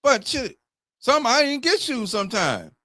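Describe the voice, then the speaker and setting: A man's voice: extremely high pitch, very animated, unhurried, bright, forceful tone, dry recording, studio quality. A man in his fifties telling candid stories in casual talk as a show host. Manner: storytelling, candid and profane. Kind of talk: casual chat.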